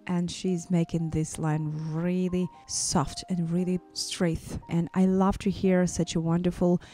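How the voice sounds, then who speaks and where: Woman vocal coach doing a reaction vid, kinda low voice, super gushy, bit of music in the back. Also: warm tone. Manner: effusive, gushing praise. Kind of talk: song reaction commentary.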